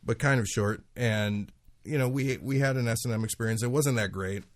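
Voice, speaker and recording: A man's voice: mid-range voice, fairly quick. A man who is a guest on a podcast, chatting casually and telling stories animatedly, laughing often as he goes. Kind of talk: casual chat.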